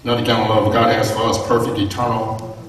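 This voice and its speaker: A man's voice: on the low side, little pitch movement, fast talker, a little hiss or hum. Man preaching in an echoey church. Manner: emphatic preaching with rising repeated phrases and questions to the congregation. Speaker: pastor. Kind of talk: sermon. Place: church sanctuary. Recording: echoey church heard from a distance.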